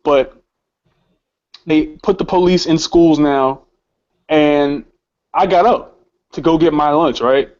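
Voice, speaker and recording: Young man, host, higher voice, heated and profane, stammering repeats, shaken, muffled lo-fi sound. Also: slow pace, pauses often, a little mellow. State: emotionally shaken. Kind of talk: casual personal storytelling. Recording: slightly muffled lo-fi recording.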